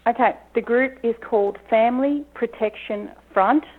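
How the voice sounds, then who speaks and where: A woman's voice: on the high side, moderate pace. Aussie lady phoning into a talk show, friendly, lots of ums, tinny phone sound. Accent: Australian. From Australia. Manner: friendly, hesitant, many ums. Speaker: caller. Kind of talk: phone-in conversation. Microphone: telephone.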